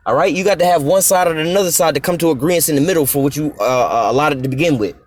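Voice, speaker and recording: Angry black guy ranting at a clip, cussing nonstop, talks fast. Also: fairly high pitch. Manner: profane, heated, preachy, addresses the clip directly. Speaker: commentator reacting to a clip.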